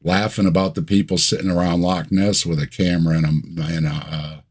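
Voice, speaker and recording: A man who is a guest on a casual livestream chat, speaking in a wry, slow and deliberate way with dry asides. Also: low voice, flat delivery, a little mellow, slightly rough.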